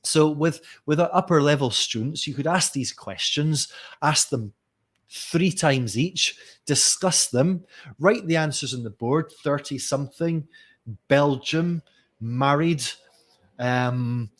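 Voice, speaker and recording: A middle-aged man runs a live online lesson. He sounds lively and keeps asking questions. He calls on viewers by name as he goes. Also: a little high, slow. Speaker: teacher trainer. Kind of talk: live online teaching session.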